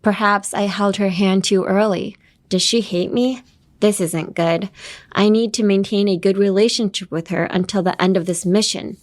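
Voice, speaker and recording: A woman teaching English on a podcast speaks in a mid-range voice, steady in tone and at a normal speed. Playful and teasing, she laughs often and switches between English and Japanese.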